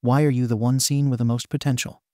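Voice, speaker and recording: A man's voice: mid-range voice, flat delivery, fast, mellow, dry recording, clean studio sound, natural voice. A man voicing a bitter, scarred young male villain confronting his father in a fan fiction reading, menacing and accusing.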